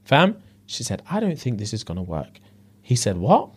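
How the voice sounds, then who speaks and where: A man tells a story on a casual podcast, voicing each character as he goes. His pitch leaps around, and his speech is full of street slang. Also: moderate pace, husky. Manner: animated storyteller, acts out quotes, heavy slang. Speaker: podcast co-host. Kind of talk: casual chat, retelling a reality show.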